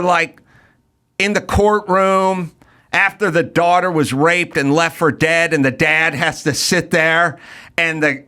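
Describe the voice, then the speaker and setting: A male podcast host telling a rant-filled story in casual chat, acting out the people in it. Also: a little high. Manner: animated, ranting, acts out quotes.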